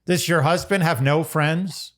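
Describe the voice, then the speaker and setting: A man's voice: on the high side, a little slow, fairly bright tone. A man co-hosting an advice podcast, blunt and joking in casual chat. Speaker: podcast co-host.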